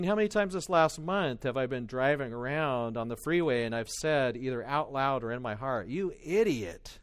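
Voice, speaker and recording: A middle-aged man preaching a sermon as pastor, telling stories in a conversational, self-deprecating way. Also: medium pitch.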